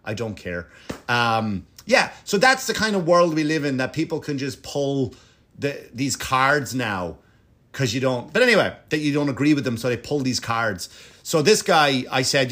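A man's voice: mid-range voice, animated, moderate pace, fairly bright tone. A male comedian ranting in a casual monologue, rambling and swearing with many restarts. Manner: rambling, profane, lots of restarts and fillers.

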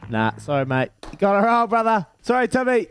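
A man's voice: high-pitched, sing-song, brisk, fairly bright tone, clear, resonant tone, soft background music. A man with a New Zealand accent hosting a breakfast radio quiz, in jokey, matey banter. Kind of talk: casual breakfast radio chat.

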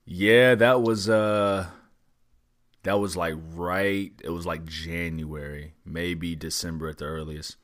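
A man hosting a podcast in casual chat, joking and dropping quick agreeing remarks. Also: deep voice, steady tone, fairly bright tone, no echo, clean studio sound. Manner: jokey, lots of short agreeing interjections. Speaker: podcast host.

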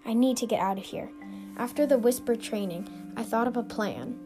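A woman's voice: a little high, moderate pace. Woman narrating a suspense story over music. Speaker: storyteller and podcast host.

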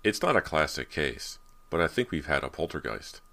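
Brief: narrator doing a level-headed dad, very deep voice, reassuring explanations. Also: male voice, sing-song, moderate pace, creaky, pushed and bright, heavily acted. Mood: calm. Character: calm, rational middle-aged father.

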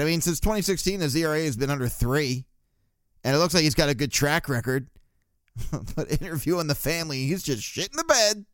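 Male podcast host, solo sports rant, blunt and crude, smooth slightly high voice, dry close sound. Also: a bit bright, dry recording. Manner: blunt, crude ranting with laughs. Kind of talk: casual solo sports talk.

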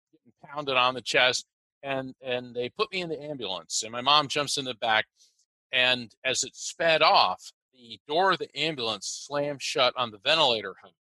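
Male guest, American-born, very bright and crisp tone, animated storyteller who stumbles and restarts often. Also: mid-range voice, dry recording, rough recording. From United States. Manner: animated, halting with many restarts. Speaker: interview guest. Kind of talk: personal storytelling.

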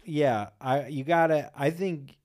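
A man's voice: a little high, slow pace, a little mellow. A man co-hosting a podcast, talking in crude, laid-back, joking banter. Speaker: podcast co-host.

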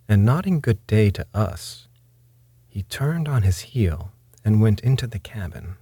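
A man reading a classic ghost story aloud in a measured, wry first-person narration. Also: fairly low pitch, very animated, warm tone, breathy edge, no echo.

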